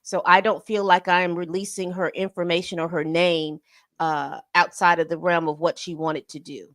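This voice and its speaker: A woman's voice: level tone, no room sound. Incredulous woman, dry close sound. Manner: incredulous, voice jumps high when amused; reads statements aloud with pauses. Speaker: co-host. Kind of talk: casual commentary on a news story. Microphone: streaming setup mic.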